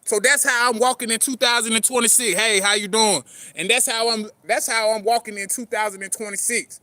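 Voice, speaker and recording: A man's voice: high voice, fairly even intonation, brisk, sharp tone, no echo. A man talking casually to camera about trust and pain, with street slang, constant swearing and frequent "man" and "you know what I'm saying.". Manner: rambling, earnest, greets passers-by. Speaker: poet and vlogger. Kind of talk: casual motivational talk to camera.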